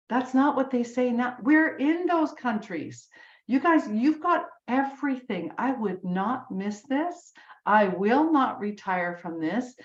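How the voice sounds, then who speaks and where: A woman's voice: a little high, roomy sound, dull audio. A woman in her sixties giving an urging motivational talk, repeating phrases for emphasis. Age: 60s. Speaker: business team leader. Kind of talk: motivational speech on a group call.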